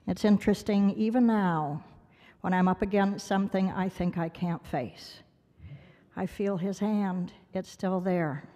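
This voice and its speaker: A woman's voice: medium pitch, a little mellow. A woman giving a heartfelt award speech, telling a personal story dramatically and acting out the voices of others. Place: large gala banquet hall. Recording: long hall reverb from the speech venue.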